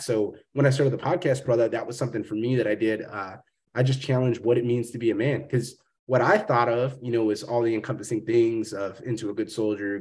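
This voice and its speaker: Rambling, swearing podcast host. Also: male voice, medium pitch, a little mellow. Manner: rambling, profane, calls guest brother. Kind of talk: casual interview chat.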